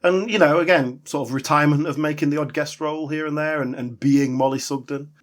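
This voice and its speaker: A man's voice: on the high side, steady tone, fairly quick. A man co-hosting a podcast, chatting wryly about old sitcoms and laughing often. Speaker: podcast co-host. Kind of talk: casual chat about sitcom history.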